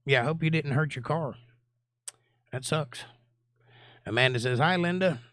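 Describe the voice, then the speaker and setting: A man's voice: a little high, normal speed, fairly bright tone, no room sound, clean studio sound. Friendly man hosting a livestream. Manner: friendly, greets viewers by name and answers them. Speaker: Bible study teacher and livestream host. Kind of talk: casual livestream chat, reading viewer comments aloud.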